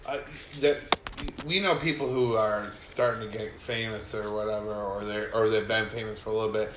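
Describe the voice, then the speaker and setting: A man hosting a podcast in casual chat, laid-back and halting, agreeing often. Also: on the low side, fairly even intonation, reverberant, background noise.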